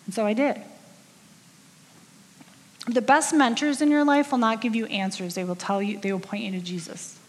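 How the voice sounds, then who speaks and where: Woman, 50s, women's ministry speaker, higher voice, candid and self-deprecating, recorded in a church hall with long reverb. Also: fairly even intonation, moderate pace, long pauses. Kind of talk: conversational sermon.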